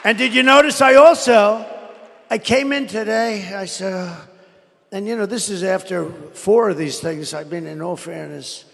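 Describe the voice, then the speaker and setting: An older man giving a rambling, boastful rally speech that flares into angry shouting. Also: high voice, moderate pace, creaky. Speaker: politician speaking at a rally. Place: large arena rally. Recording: echoey arena sound, faint crowd ambience.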